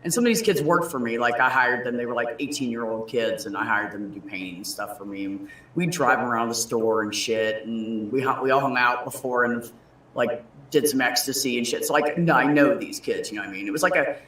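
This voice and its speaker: A man in casual chat, telling stories with lively quoted voices and frequent swearing. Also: mid-range voice, fairly quick, distant mic. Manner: animated storyteller, swears freely, acts out quoted voices. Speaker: guest. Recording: echoey room.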